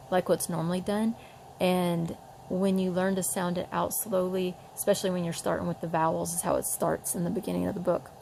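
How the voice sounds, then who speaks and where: A woman with a low, gravelly voice explains phonics in a relaxed home tutorial. She speaks on a flat, even pitch and slows down to sound out words. A faint hiss of noise sits behind her. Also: rough recording. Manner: demonstrates sounds slowly, chatty with fillers. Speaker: parent teaching reading.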